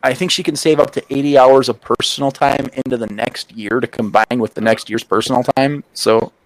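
A man's voice: medium pitch, fairly even intonation, no room sound, poor audio. A man who drives trucks, chatting casually with friends in a blunt, profane way. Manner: blunt, swears, drawn-out asides. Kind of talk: casual chat among friends.

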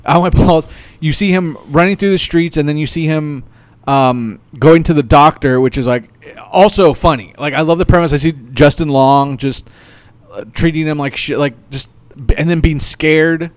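A man's voice: on the high side, normal speed, smooth, no room sound. Rambling, laughing podcast co-host man. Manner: rambling, laughs often, swears casually. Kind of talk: casual chat.

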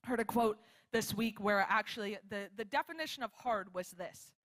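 A young woman missionary giving a sermon in a church, telling a story in a chatty, animated way and acting out the quotes. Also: mid-range voice, moderate pace. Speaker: missionary preacher. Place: church hall with live audience.

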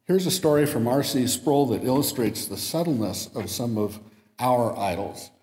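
A man's voice: medium pitch, normal speed. Man preaching in an echoey hall. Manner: reads an illustration story aloud with lively voiced quotes. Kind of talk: sermon. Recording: echoey hall with long reverb.

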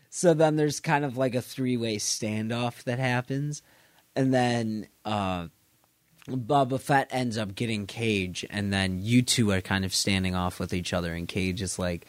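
A man on a casual podcast retelling a video game scene in a rambling, animated way, acting out quoted lines and laughing and swearing as he goes. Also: mid-range voice, takes it slowly, no echo. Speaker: podcast co-host or guest.

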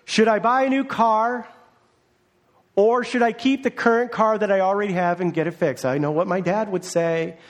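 High-voiced man preaching casually. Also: steady tone, normal speed. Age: adult, parent of a young child. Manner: conversational preaching, acts out quoted voices. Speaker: pastor. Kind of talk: sermon.

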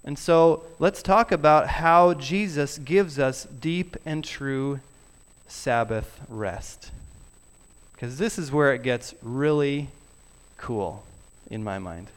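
Pastor, male, unhurried sermon delivery, smooth and clear, softens on key words. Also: medium pitch. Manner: earnest, drops to soft emphasis on key words. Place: church sanctuary.

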